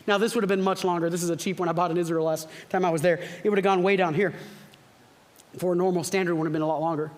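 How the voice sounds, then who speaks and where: A man's voice: sits high, fairly quick. A male pastor preaching a sermon in a church, conversational and teaching, often repeating words, with bursts of fervent emphasis. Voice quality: frequent repeated words and restarts.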